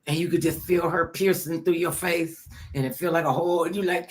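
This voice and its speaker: A middle-aged woman hosting a casual chat, telling stories with animated acted-out voices. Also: on the low side, brisk, hardly any pauses. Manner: animated storyteller, acts out voices. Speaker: host.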